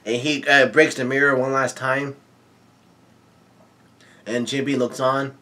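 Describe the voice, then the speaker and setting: A man casually narrating a comic chapter as a vlogger, halting and full of fillers and restarts. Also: mid-range voice, level tone, pushed and bright. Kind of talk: casual read-through narration.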